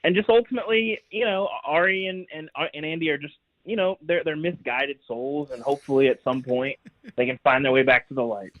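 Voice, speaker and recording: A guest on a sports radio show joins by phone, the line tinny, speaking a little fast in a slightly high voice. Casual and chatty with a wry streak, he keeps laughing at his own jokes.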